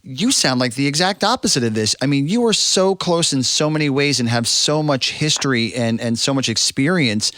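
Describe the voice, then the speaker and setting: A man's voice: mid-range voice, animated, normal speed, few pauses, pushed and bright, dry recording, studio quality. A man hosting an interview podcast, affirming his guest and building to an emphatic pep talk. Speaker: podcast host. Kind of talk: interview, encouraging.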